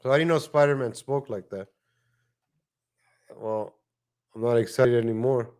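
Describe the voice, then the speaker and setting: A man's voice: medium pitch, measured pace, a little mellow. A man hosting a casual livestream, chatting and joking in rambling asides. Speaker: livestream host. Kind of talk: casual live-stream commentary.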